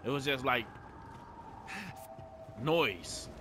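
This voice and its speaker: A man's voice: medium pitch, expressive, very slow, noisy background. A young man giving laid-back, chatty gameplay commentary, swearing often and talking to his viewers. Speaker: gaming streamer.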